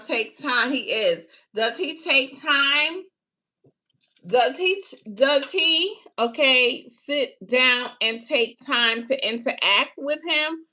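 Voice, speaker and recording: A woman's voice: high-pitched, pushed and bright. A woman giving a casual live-stream tarot reading, who chats unhurriedly with viewers and calls them baby and honey. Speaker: tarot reader taking live questions.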